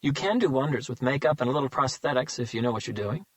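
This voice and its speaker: A cool, taunting serial killer speaks in a smooth, self-satisfied tone, voiced by a male narrator. He lectures with calm arrogance. The delivery is close and dry, with a mid-range voice. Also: medium pitch, fast, no room sound, close to an everyday voice. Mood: smug.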